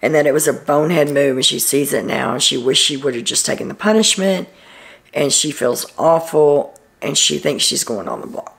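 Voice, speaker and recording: A woman's voice: low-pitched, expressive, normal speed, creaky, a bit bright. A woman hosting a casual reality TV recap, telling what happened in a chatty storytelling way and quoting people with "he's like.".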